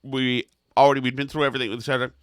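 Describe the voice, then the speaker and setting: A man's voice: medium pitch, flat delivery, rapid-fire, no echo, clean studio sound. A man co-hosting a comedy podcast, telling long self-mocking anecdotes in a rambling way. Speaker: podcast co-host. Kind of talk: comedic storytelling chat.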